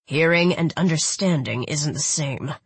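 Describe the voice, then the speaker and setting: A woman reading aloud, voicing a domineering, menacing giant of a man who growls and mutters threats in a lowered voice. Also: measured pace, slightly rough, dry recording, full character voice. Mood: threatening.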